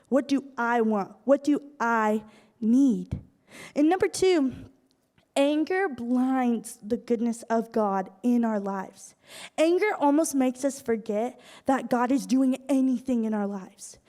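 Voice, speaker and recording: A young woman giving a casual sermon as a youth speaker, chatty and animated with slangy asides. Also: sits high. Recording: echoey hall.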